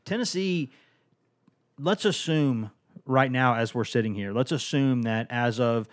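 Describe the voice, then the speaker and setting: A man's voice: mid-range voice, a little slow. A man co-hosting a sports podcast, joking and teasing at length before getting to the analysis. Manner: joking, teasing, long-winded. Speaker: podcast co-host. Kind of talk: casual sports podcast chat.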